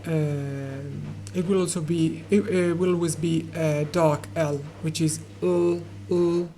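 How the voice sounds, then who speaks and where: A man teaching an English pronunciation lesson, hesitating often with fillers and restarts and repeating words slowly to model their sound. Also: on the high side, steady tone, mellow, a little hiss or hum, rough recording.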